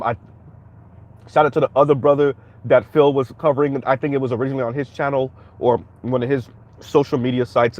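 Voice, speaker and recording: A man's voice: mid-range voice, darkish tone. A man hosting a commentary stream, reacting bluntly and heatedly while speaking straight to his viewers. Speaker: commentary channel host.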